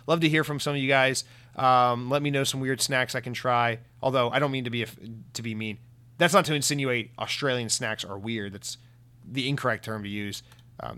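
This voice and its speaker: A man's voice: mid-range voice, bright, forceful tone, smooth. A man hosting his own podcast, chatting casually through listener comments, rambling and correcting himself as he goes, with the odd swear. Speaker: podcast host. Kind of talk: casual solo podcast chat.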